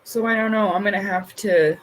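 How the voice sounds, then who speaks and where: A woman's voice: medium pitch, steady tone, brisk. A woman, chatting casually to her livestream viewers in a blunt, profane way. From Canada. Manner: blunt and profane, with frequent laughs. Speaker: streamer.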